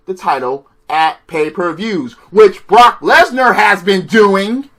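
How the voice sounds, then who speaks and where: Brief: high-voiced, bright-toned man, sarcastic and cursing, ranting a wrestling review. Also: expressive, slow. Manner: profane, exasperated and sarcastic.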